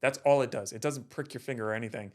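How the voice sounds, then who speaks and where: A man co-hosting a podcast, retelling a story in casual chat, lively and laughing, often repeating words. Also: medium pitch, fast talker. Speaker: podcast co-host.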